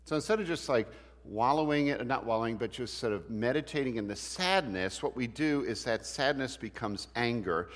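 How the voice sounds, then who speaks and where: A man's voice: medium pitch, moderate pace, hardly any pauses. A man teaching a church Bible class in a conversational way, asking the class questions as he goes. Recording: long hall reverb.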